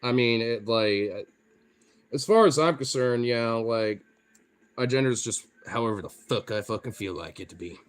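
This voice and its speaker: Excitable swearing Pacific Northwest guy. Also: mid-range voice, moderate pace, clear, resonant tone. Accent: Pacific Northwest American. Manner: excitable, swears freely, laughs often. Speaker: streamer. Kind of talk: casual chat answering viewer comments.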